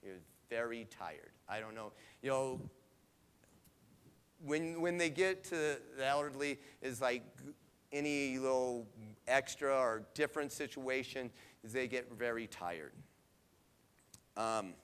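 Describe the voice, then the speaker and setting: Middle-aged man, plain mid pitch, resonant clear tone, conversational devotional storyteller. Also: unhurried, pauses often, a bit bright. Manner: conversational, often adds "right?". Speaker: devotional speaker. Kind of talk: personal story in a devotional talk.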